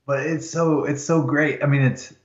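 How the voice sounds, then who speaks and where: A man's voice: on the high side, steady tone, normal speed. A man hosting a podcast who talks hesitantly and picks his words as he goes. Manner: hesitant, with many fillers and restarts. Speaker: podcast host. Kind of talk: conversational literary discussion. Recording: roomy, dull lo-fi sound.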